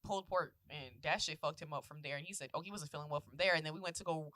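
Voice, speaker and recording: Twenties woman co-host, bright and forward voice, dry close mic, animated and profane storyteller. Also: low-pitched, quick pace, no echo. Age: 20s. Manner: animated storytelling, swears freely, acts out quotes, laughs often. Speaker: podcast co-host. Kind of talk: casual chat. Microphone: close podcast mic.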